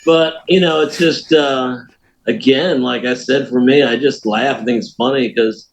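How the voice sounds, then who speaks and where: An American man, a podcast guest, telling a story in a folksy, animated way. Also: mid-range voice, moderate pace, poor audio. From United States. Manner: animated storyteller, folksy, laughs at his own tale. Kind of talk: casual storytelling.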